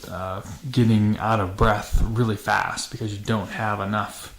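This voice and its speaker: Gravelly low-voiced man, halting vlog talk. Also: flat delivery. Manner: halting, many fillers and restarts, matter-of-fact. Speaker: channel host. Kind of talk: casual vlog talk to camera. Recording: echoey room with faint noise.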